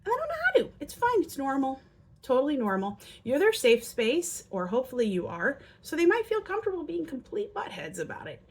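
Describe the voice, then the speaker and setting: A brisk woman with a high voice earnestly counsels parents on managing their children's behavior. A parenting educator, she acts out sample lines in lively voices during her instructional talk.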